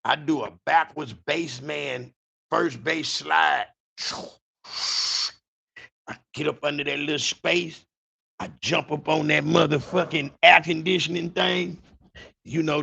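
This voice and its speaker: A man hosting a podcast, telling a story in an animated, profane way and talking to his listeners directly. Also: on the high side, creaky, slightly rough, highs cut off. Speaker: podcast host. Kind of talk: dramatic storytelling.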